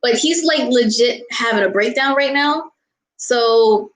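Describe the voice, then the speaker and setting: A woman from the United States, speaking at a moderate pace in a slightly high voice, fields viewer questions in a casual vlog chat. Her exasperated rant is full of laughter and apologies. Rough recording in an echoey room.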